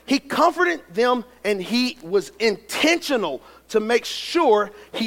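A man delivers a sermon in a strikingly high voice, reading scripture and then building to shouted preaching. His words ring out with a long reverb, as in a large church hall. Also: sing-song, slow pace, few pauses. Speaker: pastor.

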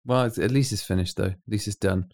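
A British man co-hosting a podcast, telling lively stories in casual chat and laughing often. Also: fairly low pitch, fast talker. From United Kingdom. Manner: animated storyteller, laughs often. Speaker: podcast co-host.

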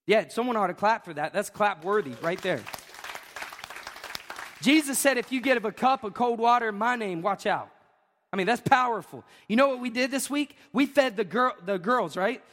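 A man, preaching a sermon as pastor, emphatic and emotional, with repeated questions and rising shouts. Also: high-pitched, animated, moderate pace, a faint crowd. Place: church sanctuary. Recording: long reverb of a church hall.

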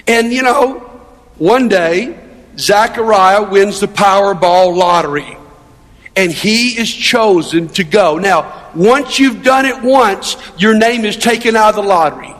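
A man's voice: sits high, unhurried, fairly bright tone. A middle-aged male pastor preaching a sermon in a conversational, storytelling way, with rhetorical questions. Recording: long hall reverb.

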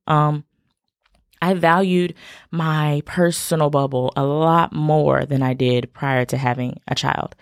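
Low, gravelly woman podcast host. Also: a little mellow, no echo, clean studio sound. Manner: chatty and encouraging, talks straight to listeners. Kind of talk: casual podcast monologue.

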